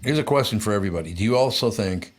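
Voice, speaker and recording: A man's voice: fairly low pitch, lively intonation, very fast. An older man co-hosting a casual chat, blunt and opinionated. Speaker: co-host.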